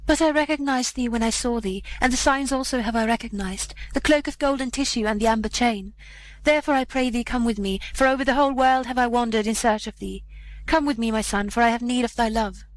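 A woman's voice: on the high side, brisk, lightly acted. A woman voicing a ragged, wandering beggar mother in a storybook reading, pleading and tearful.

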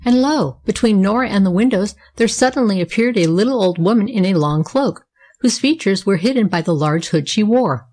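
A woman narrating a children's story in a gentle, even reading manner. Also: mid-range voice, moderate pace.

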